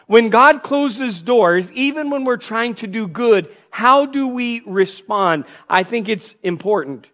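A man preaching a sermon as pastor, full of rhetorical questions and mock back-and-forth, with pace and loudness swinging widely between phrases. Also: high voice.

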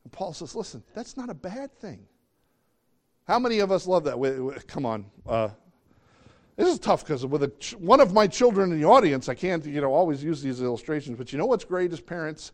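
A middle-aged male pastor preaching a sermon in an animated way, often acting out the voices of the people he quotes. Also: fairly high pitch, fairly quick.

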